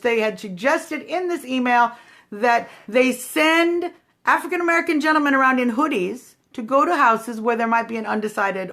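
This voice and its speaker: A woman with a slightly high voice hosts a casual live stream and talks straight to her viewers. She is snarky and combative, firing back at critics. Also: a bit bright. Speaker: livestream host. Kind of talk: casual political livestream chat.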